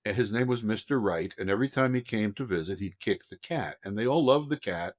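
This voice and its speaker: Older man, lively anecdote teller. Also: on the low side, a little fast. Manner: lively storyteller, acts out voices. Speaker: film director, guest. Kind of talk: casual anecdote telling.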